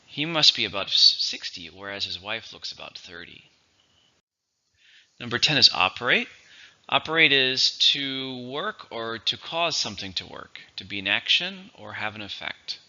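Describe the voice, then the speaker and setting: A man teaching English vocabulary, going through each word methodically and repeating it slowly for its syllables and stress. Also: medium pitch, sing-song, sharp tone, dull audio. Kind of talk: vocabulary lesson.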